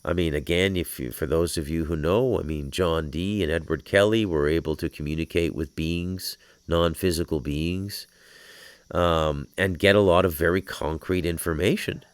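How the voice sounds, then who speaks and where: A man with a low voice hosts a podcast from an outdoor patio, talking at a moderate pace with no room sound. His spiritual monologue wanders, is thick with swearing, and swings into angry shouting.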